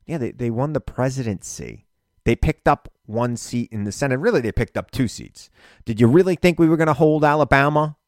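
A man hosting a radio talk show, delivering an animated political monologue with indignant emphasis. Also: mid-range voice, a little fast, no echo, studio quality.

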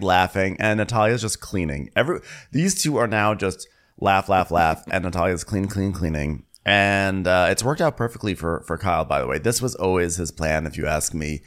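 Easygoing low-voiced man recapping. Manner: easygoing storyteller, quotes people in mock voices. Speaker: podcast co-host. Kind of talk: casual comedic recap chat.

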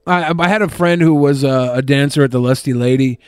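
A man's voice: mid-range voice, brisk, clean tone, dry recording. A man co-hosting a podcast in casual chat, telling stories and dropping dry, joking asides. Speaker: podcast co-host.

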